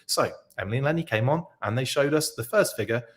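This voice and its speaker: A man with a medium-pitched, expressive voice talks fast while hosting a live podcast stream. Reacting in real time, he chats casually and reads viewer comments aloud. His delivery rambles and keeps interrupting itself.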